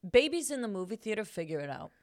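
A woman's voice: medium pitch, big pitch swings, fast talker. A young woman co-hosting a podcast, ranting bluntly and emphatically, with frequent swearing. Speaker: podcast co-host. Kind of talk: casual chat.

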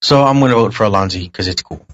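A man on a podcast panel, easygoing and a bit hesitant, filling pauses with "um". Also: low-pitched, dry recording, lo-fi sound. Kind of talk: casual panel chat.

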